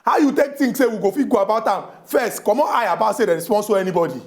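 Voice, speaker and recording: A man's voice: high voice, fast talker. A Nigerian man hosting a talk radio show in Pidgin, making emphatic points about civic duty.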